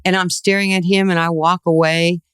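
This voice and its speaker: A woman in her sixties from New York, a guest telling lively stories in an interview and acting out the voices in them. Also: lowish voice, brisk, smooth, dry recording, clean studio sound. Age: 60s. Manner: animated storyteller, acts out quoted voices, laughs often. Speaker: guest, former basketball player. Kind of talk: storytelling interview.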